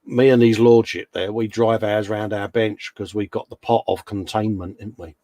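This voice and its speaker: At a hobby workshop bench, a man hosts a casual model-building chat, joking in slang and putting on silly voices. His voice is fairly low, steady, mellow and moderately paced, with no echo.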